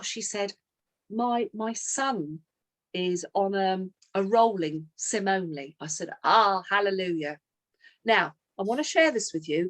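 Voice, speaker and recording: A middle-aged woman leads a team coaching session in an even, mid-range voice. She tells stories with animation and plays both sides of a sales call. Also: mid-range voice.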